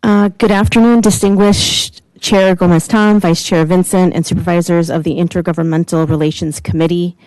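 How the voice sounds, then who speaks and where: A woman's voice: fairly low pitch, fairly even intonation, normal speed, hardly any pauses, darkish tone, no room sound, poor audio. Earnest woman giving public testimony. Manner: earnest, emotional, formal. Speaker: public commenter, civic group director. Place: county committee hearing room.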